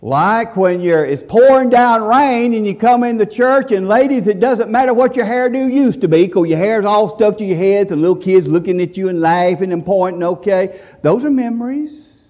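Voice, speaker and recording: Folksy preacher, slightly high. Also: male voice, normal speed, few pauses, a little mellow. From central Alabama, USA. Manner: folksy, emphatic, storytelling. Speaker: visiting preacher. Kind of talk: sermon.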